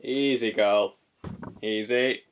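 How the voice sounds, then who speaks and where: Hesitant deadpan comic male host. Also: lowish voice, takes it slowly, slight background noise. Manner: hesitant, full of ums, mock-earnest. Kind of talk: deadpan comic improv chat.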